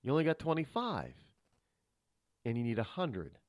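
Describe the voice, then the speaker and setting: A man's voice: mid-range voice, wildly swooping pitch, moderate pace, no room sound, studio quality. A man hosting a talk radio show, lecturing his listeners and asking them rhetorical questions. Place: radio studio. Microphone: studio microphone.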